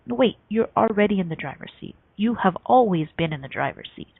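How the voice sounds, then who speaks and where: A woman hosting a motivational radio talk show, telling stories with lively acted-out voices and frequent laughter. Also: medium pitch, brisk, creaky, slightly rough, dry recording. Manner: animated storytelling, acts out quoted voices; laughs often between points. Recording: tinny phone-like line, dry.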